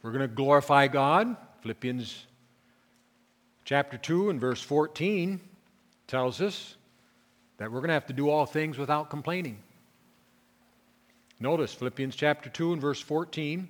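Emphatic preacher in a reverberant church hall. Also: male voice, a little high, lively intonation, unhurried, long pauses. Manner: emphatic, repeats key phrases, swings from quiet to loud. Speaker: pastor. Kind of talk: sermon. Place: church sanctuary.

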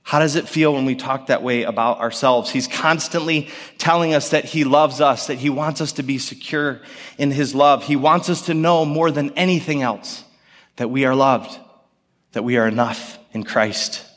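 A male pastor in his thirties tells a story in an earnest sermon, pausing gently between thoughts. His voice sits at an ordinary middle pitch. The sound carries a long reverb from a church hall. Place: church sanctuary.

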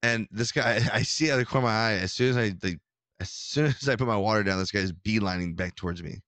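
A man telling a story in casual chat, rambling and animated, with many restarts. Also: lowish voice, quick pace, no echo. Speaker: podcast co-host telling a story.

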